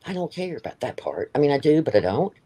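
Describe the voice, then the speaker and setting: A man's voice: medium pitch, very animated, quick pace, mellow, breathy edge. A man hosting a livestream, talking in a heated, blunt way, swearing and repeating himself. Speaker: livestream host. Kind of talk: ranting live-stream chat.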